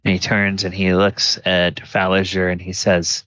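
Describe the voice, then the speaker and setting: A man narrating a tabletop game as dungeon master, describing the scene in a halting way full of fillers. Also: low-pitched, monotone, fairly bright tone, dry recording.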